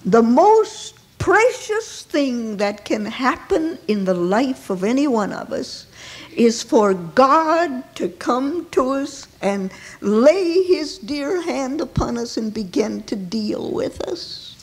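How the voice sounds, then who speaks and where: High, swooping woman preaching slowly. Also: very animated, husky. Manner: dramatic, swinging from hushed near-whispers to ringing cries. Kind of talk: emotional sermon. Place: church.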